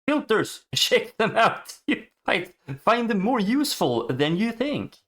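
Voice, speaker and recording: A male gaming streamer gives casual, excitable commentary as he plays a video game, swearing and talking to the animals he comes across. His voice is high and he speaks slowly.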